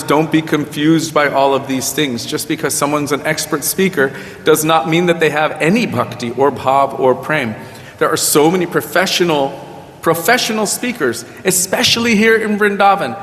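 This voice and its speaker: In Vrindavan, a spiritual teacher with a slightly high, fairly bright voice instructs a group at a devotional gathering, telling stories and quoting his guru with emphatic rises. It was captured on a livestream with long hall reverb.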